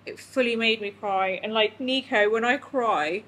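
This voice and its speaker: A woman's voice: a little high, a little slow, few pauses, a bit bright, slight background noise, rough recording. A young woman chatting candidly in a vlog, emotional and tearful, rambling with lots of fillers. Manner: emotional, rambling, talks to her dog. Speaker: vlogger.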